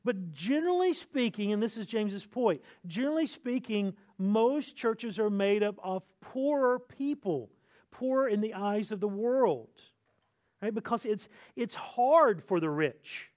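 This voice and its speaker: A man's voice: high voice, expressive, unhurried, a little mellow. A man, a pastor, preaching an earnest expository sermon with emphatic, repeated phrases.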